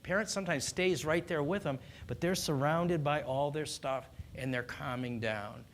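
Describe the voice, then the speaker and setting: A man speaking as a doctor, calmly explaining how parents should handle their child's tantrums, earnest and instructive. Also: fairly high pitch, moderate pace, a little hiss or hum. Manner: calm, earnest, instructive, with small restarts. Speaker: doctor giving parenting advice. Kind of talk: explanatory talk on child discipline.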